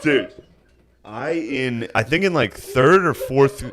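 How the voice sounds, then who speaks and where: A man's voice: mid-range voice, lively intonation, slow, a bit bright, slight background noise. A man co-hosting a podcast, trading laid-back jokes and laughing often in casual banter. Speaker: podcast co-host. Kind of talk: casual chat.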